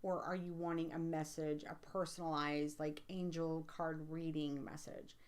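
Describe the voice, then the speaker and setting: An American woman with a somewhat low-pitched voice chats with her live-stream viewers as a psychic reader. She rambles in a loose, casual way, dotted with fillers, and she gets emphatic when something excites her. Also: normal speed. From United States. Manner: chatty and rambling, with many fillers. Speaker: livestream host and psychic reader. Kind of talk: casual livestream chat, answering viewer comments.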